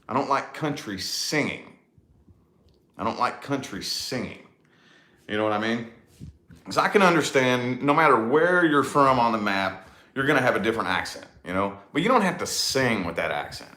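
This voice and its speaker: A man with a Tennessee accent chatting on a vlog, rambling and circling back with "you know what I mean." His voice is bright and swings lively up and down. It sounds roomy and echoey. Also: on the low side. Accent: Southern US, Tennessee. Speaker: vlog host, musician. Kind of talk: casual chat. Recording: roomy echo.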